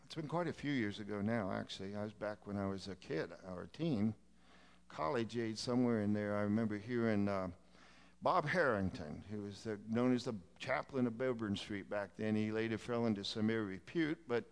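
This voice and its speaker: Smooth-voiced preacher telling a story. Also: male voice, fairly low pitch, moderate pace. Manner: builds from quiet telling to shouted pleading. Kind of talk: sermon illustration storytelling.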